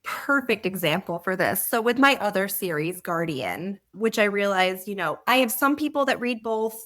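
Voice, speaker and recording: A woman author being interviewed on a podcast, telling anecdotes in an animated way and laughing as she talks. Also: mid-range voice, normal speed. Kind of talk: conversational interview.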